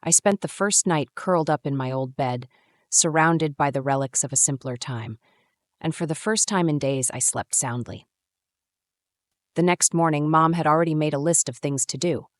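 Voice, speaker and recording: Low-voiced woman narrating a story. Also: moderate pace, no echo. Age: 30s. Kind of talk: first-person story narration.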